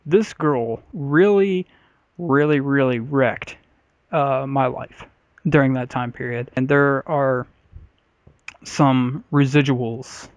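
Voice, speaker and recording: Male podcast co-host, mid pitch, blunt and foul-mouthed, filler-heavy storyteller, dry, slightly muffled audio. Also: slow, no room sound. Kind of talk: casual comedy podcast chat.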